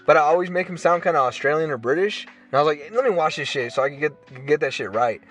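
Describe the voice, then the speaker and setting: A man's voice: fairly high pitch, animated, fast, fairly bright tone, soft background music. A man co-hosting a podcast, chatting in a loose, slangy, rambling way. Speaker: podcast co-host. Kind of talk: casual chat.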